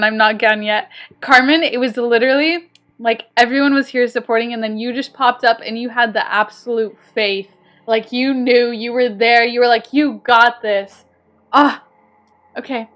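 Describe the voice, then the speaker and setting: A young woman streaming a game at home, chatting casually and excitably with her viewers, breaking into squeals of joy. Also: fairly high pitch, normal speed. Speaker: gaming streamer. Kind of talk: casual live-stream chat. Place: home, moving to kitchen.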